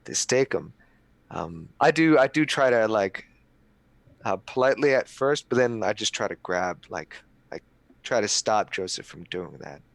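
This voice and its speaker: A man's voice: lowish voice, lively intonation, normal speed, gravelly, no echo. A man playing in a tabletop game, describing his character's actions hesitantly with many fillers. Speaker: player. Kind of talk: tabletop role-play chat.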